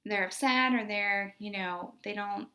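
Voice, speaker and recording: A young woman talks about her work as a special education teacher in a relaxed, unscripted way. She speaks at a middle pitch and fills her sentences with "like" and "you know". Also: a little slow. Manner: conversational, many fillers like "like" and "you know". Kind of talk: casual storytelling monologue.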